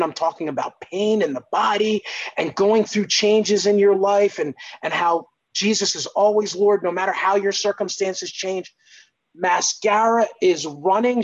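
A man sharing his faith testimony as a guest, in earnest, animated storytelling. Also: sits high, highs cut off. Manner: earnest, lively, acts out exclamations.

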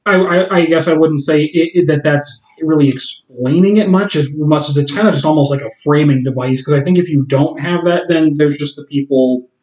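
A man's voice: a little high, a little fast, hardly any pauses, a little mellow. A man co-hosting a casual film podcast, often stopping and restarting as he thinks aloud. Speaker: podcast co-host. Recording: echoey, dull lo-fi room sound.

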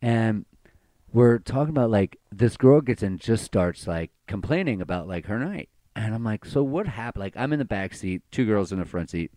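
A man's voice: fairly low pitch, animated, normal speed, dark tone, no room sound, clean studio sound. A young man from Baltimore, a bartender and podcast co-host, telling crude, rambling stories full of fillers in casual banter.

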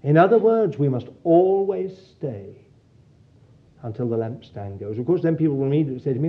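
Earnest male preacher, slightly high and husky voice, dull lo-fi sermon tape. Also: animated, brisk. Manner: earnest, pastoral, addresses listeners as dear child of God.

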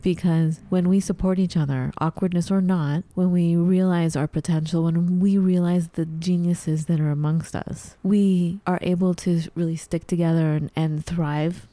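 Woman co-host, low mellow voice, dry close recording, lively casual talk. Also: normal speed, hardly any pauses, no echo. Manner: animated, acts out her own confused reactions in a high voice. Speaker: podcast co-host. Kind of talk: casual chat.

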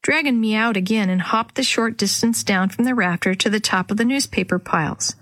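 Female narrator for a kids' storybook, dry close recording, gentle character voices. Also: mid-range voice, normal speed, dry recording. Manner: reads dialogue with light character voices. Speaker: audiobook narrator. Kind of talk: children's storybook reading.

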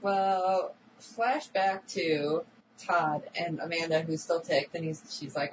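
A woman co-hosting a casual recap chat about a TV episode, animated and acting out characters' lines. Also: lowish voice, slow. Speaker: podcast co-host. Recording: distant mic with audible background noise.

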